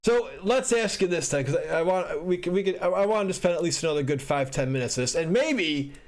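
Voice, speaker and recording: High-voiced laughing podcast host, a man. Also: a little fast. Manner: animated, laughing, asks questions. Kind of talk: casual podcast chat. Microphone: podcast microphone, audio only.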